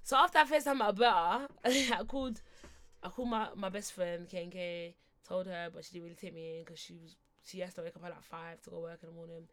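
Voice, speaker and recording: A young woman, co-hosting a podcast and telling a story in a casual, animated, slangy way with bursts of laughter. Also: fairly low pitch, fast. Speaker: podcast co-host.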